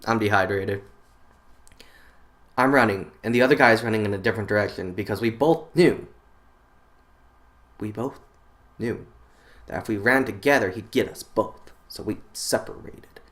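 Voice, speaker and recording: A man's voice: fairly low pitch, brisk, fairly bright tone. A man casually recounting a weird dream on his channel, rambling with lots of fillers and restarts. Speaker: channel host. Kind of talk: casual storytelling about a dream.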